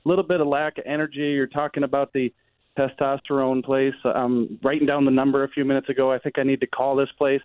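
Worn-out guy rattling fast over a tinny phone line, self-deprecating and joking. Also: mid-range voice, level tone, no echo. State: tired. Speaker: sports reporter guest. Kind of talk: casual radio chat.

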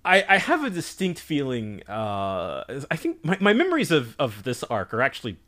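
Male co-host, bright voice, very lively pitch, casual expressive chat. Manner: expressive, halting with restarts and laughs. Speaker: podcast co-host.

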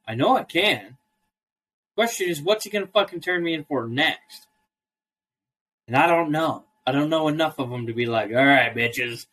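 A man's voice: a little high, lively intonation, normal speed, long pauses, a bit bright. A man on a casual podcast, ranting in a profane, storytelling way. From Idaho, US. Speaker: co-host.

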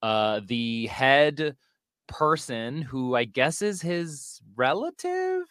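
A man's voice: medium pitch, big pitch swings, slow pace, a bit bright, dry recording. Podcast guy rambling thru a movie plot, sarcastic, medium voice, dry close sound. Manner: chatty, sarcastic, filler-heavy storytelling. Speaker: podcast host recapping a film. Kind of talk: casual chat.

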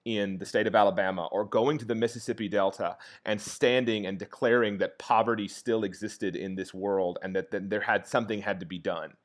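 A man casually retelling a historical episode in conversation, often pausing to check in with "okay?" and leaning on "like". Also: on the low side. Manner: animated retelling with frequent "like" and "okay?" check-ins. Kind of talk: casual storytelling chat.

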